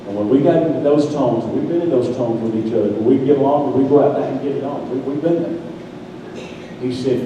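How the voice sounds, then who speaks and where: A man with a Southern accent preaching a sermon as pastor, telling a story in a folksy way and rising to shouted emphasis. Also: medium pitch, fairly quick, noisy background. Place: large church sanctuary. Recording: echoey hall recorded from far off.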